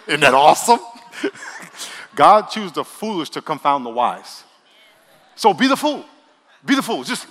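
A male pastor preaching a sermon, leading the congregation in call-and-response and swinging between loud bursts and quiet asides. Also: on the high side, big pitch swings, a little slow, pauses often, long reverb tail. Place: church sanctuary.

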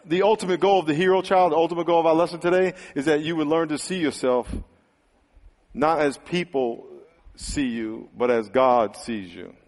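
High-voiced animated man preaching in a hall. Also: normal speed. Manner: animated, acts out quotes, swings loud and quiet. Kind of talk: sermon. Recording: hall reverb.

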